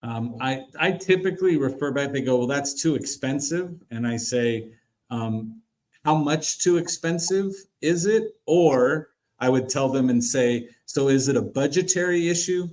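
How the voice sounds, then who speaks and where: Male host, even mid voice, relaxed and agreeable. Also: mid-range voice, measured pace. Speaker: show host. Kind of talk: casual chat.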